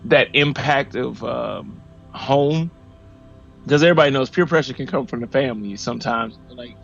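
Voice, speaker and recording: Man, 40s, from Missouri, podcast guest, animated personal story, acts out quotes, muffled audio, faint music. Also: medium pitch, normal speed, creaky. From Missouri, USA.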